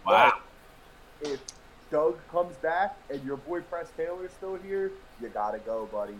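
A man's voice: fairly high pitch, measured pace, fairly bright tone, slight background noise, rough recording. A man talking casually on a sports podcast, blunt and profane as he rants. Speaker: podcast co-host.

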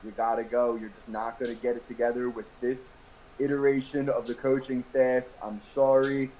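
A man's voice: medium pitch, level tone, moderate pace, a little mellow, slight background noise, rough recording. A man talking casually on a sports podcast, blunt and profane as he rants. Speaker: podcast co-host.

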